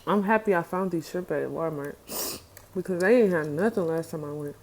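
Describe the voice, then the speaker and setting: A woman vlogger chatting casually in slang while eating on camera, with a relaxed, chatty manner. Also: fairly low pitch, a little fast. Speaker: mukbang vlogger. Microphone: mic clipped near her.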